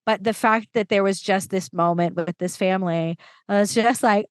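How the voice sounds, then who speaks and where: A woman storytelling coach chatting as a podcast guest, lively and enthusiastic with quick asides. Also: medium pitch, dry recording. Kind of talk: casual conversation.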